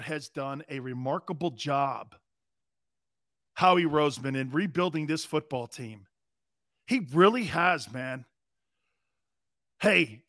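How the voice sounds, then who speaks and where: A brash male sports radio host with a fairly high voice that rises and falls a great deal. He rambles and jokes as he talks, and he sounds close and dry. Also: sharp tone, no echo. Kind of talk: opinionated sports talk radio.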